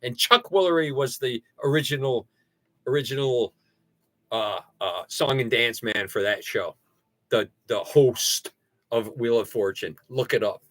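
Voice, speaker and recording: Goofy, bright-voiced man hosting a livestream. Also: a little slow. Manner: goofy, rambling, self-mocking, breaks into laughter and high excited yelps. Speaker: livestream host. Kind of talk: casual livestream chat.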